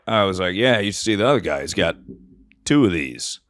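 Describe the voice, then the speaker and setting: A man's voice: on the low side, lively intonation, unhurried, long pauses, fairly bright tone, no echo, studio quality. A man hosting a comedy podcast, telling rambling self-mocking stories and swearing often. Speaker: podcast host. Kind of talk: casual comedic storytelling.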